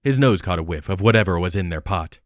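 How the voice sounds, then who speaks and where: A man narrates an audiobook in a steady, even read. His voice sits on the low side, and the recording is dry and close with no room sound. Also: fast talker, dry recording. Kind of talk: scripted narration.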